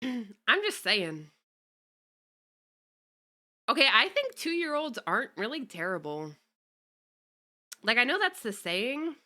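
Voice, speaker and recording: A woman's voice: a little high, sing-song, slow pace, pauses often, sharp tone. A young woman streamer chatting casually with her viewers, greeting them and cursing offhandedly. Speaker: VTuber streamer. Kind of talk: casual livestream chat.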